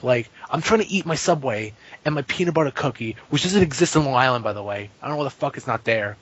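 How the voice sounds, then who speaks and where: A man telling profane stories as a podcast guest, casual and rambling, with animated impressions. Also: mid-range voice, fast talker. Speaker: podcast guest, fighting game player. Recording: muffled lo-fi podcast audio.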